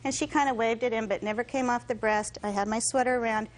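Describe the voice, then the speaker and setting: A woman testifying in court, telling her story in an animated way and acting out what others said. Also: a little high, fast talker, poor audio. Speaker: litigant in court.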